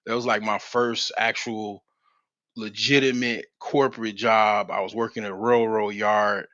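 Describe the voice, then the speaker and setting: A man's voice: fairly low pitch, little pitch movement, normal speed, a bit bright, no room sound. A man in his forties telling a rambling, slangy story on a livestream, full of restarts and profanity. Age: 40s. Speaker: livestream host. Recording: slightly dull, dry lo-fi mic.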